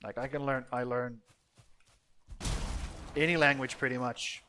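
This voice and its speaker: A man's voice: medium pitch, steady tone, unhurried, sharp tone, faint music behind. A man chatting casually while streaming a game, rambling and swearing bluntly. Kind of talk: casual gameplay chat.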